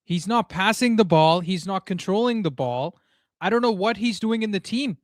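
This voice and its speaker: A man's voice: high voice, expressive, normal speed, no room sound, clean studio sound. Fuming man ranting over a football match. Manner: frustrated ranting with swearing and stammered restarts. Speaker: football watchalong host. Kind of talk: live match reaction. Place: home room.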